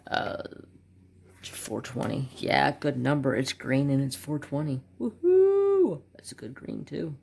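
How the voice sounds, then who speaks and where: A man's voice: medium pitch, fairly even intonation, measured pace, vocal fry, husky. A man in his forties chatting casually as a craft channel host, rambling and joking with muttered asides while swatching markers at his home desk.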